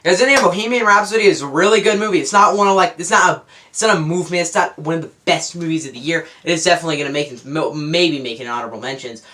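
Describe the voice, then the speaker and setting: A man's voice: fairly high pitch, rapid-fire, pushed and bright. A young man giving a casual, unscripted movie review, rambling and correcting himself as he goes. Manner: rambling, self-correcting, enthusiastic.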